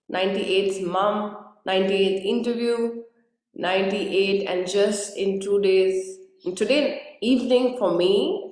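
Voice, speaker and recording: A woman's voice: medium pitch, a little mellow. A woman from India hosting a live interview, sounding groggy and speaking in an earnest, effusive way that repeats words. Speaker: host. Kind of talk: live-streamed interview introduction. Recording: very echoey room.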